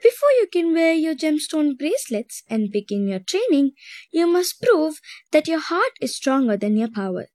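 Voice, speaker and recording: Brief: kindly storybook fairy principal, a man read by a woman, high-pitched, dry sound. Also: big pitch swings, normal speed, no room sound. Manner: warm, gentle and firm. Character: kind male fairy school principal.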